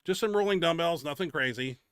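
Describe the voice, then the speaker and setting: A man's voice: fairly high pitch, animated, fairly quick, fairly bright tone, clear, resonant tone, no echo, clean studio sound. A man hosting a bench press show, giving casual, blunt, profane commentary over his training footage. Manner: blunt and profane, grumbling about his own setback.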